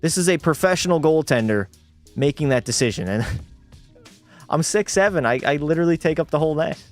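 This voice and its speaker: A man's voice: a little high, animated, a little fast, soft background music. A young man streaming a hockey video game, commenting live and talking to his chat while ranting in frustration and swearing at the game. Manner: talks to chat.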